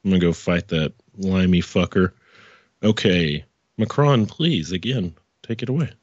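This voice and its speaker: Deep-voiced rambling podcast host. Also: male voice, animated, moderate pace, slightly rough, dry recording, highs cut off. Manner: rambling, self-correcting, profane asides. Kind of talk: casual political commentary.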